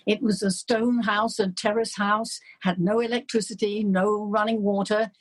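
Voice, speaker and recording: An older woman from England, a guest in an interview, chatting warmly and laughing as she tells stories. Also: mid-range voice, little pitch movement, normal speed. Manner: warm, laughing, storytelling. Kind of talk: casual chat.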